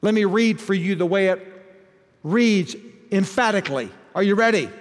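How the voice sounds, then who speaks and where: Preacher man, high and ringing. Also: animated, moderate pace. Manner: swings from soft asides to shouted emphasis. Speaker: pastor. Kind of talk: sermon. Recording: long hall reverb.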